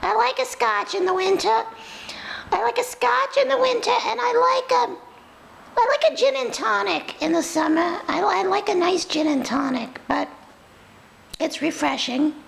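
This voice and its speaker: In a comic role-play, a woman voices a sassy, food-loving female pet dog with a New York accent, chatting, rambling and confiding. The very high, gravelly voice is heavily acted at a moderate pace, with poor audio.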